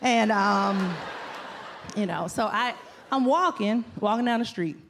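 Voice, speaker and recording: In a comedy club, a woman with a medium-pitched voice talks a little slowly as she tells animated stories, performing the voices of the people in them. The audience laughs in the background.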